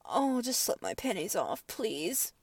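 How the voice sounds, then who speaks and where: A woman in an intimate whispered role-play, breathy and drifting between hushed whispers and soft moans. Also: mid-range voice, very animated, unhurried, far from the mic. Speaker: audio role-play performer.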